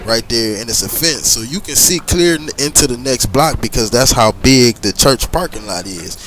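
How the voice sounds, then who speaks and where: A middle-aged man telling a long personal story casually while gaming, rambling and animated. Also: medium pitch, moderate pace, slight background noise. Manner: animated, rambling, frequent "you know what I'm saying". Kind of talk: casual storytelling over gameplay.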